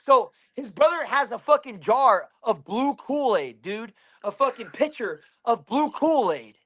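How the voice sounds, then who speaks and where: A man, a bare-knuckle fighter from Pennsylvania, telling a story in an interview in an animated way and swearing constantly. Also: extremely high pitch, unhurried, hardly any pauses.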